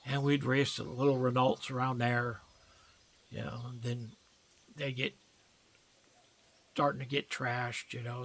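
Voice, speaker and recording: Gravelly rambling man. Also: medium pitch, a bit bright. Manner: rambling, folksy, many fillers. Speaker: vlogger. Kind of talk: casual storytelling.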